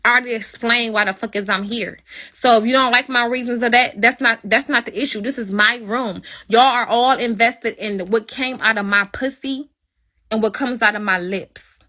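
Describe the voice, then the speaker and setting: A woman's voice: a little high, moderate pace, bright, forceful tone. A woman hosting her own livestream and ranting at her viewers, blunt and heavy with swearing. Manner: blunt, profane, confrontational. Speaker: livestream host. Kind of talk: angry livestream rant.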